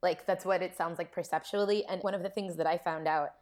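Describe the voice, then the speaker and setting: A woman's voice: on the low side, steady tone, fast, darkish tone. A woman, a linguist, explaining her research findings in a casual academic conversation. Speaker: linguist guest.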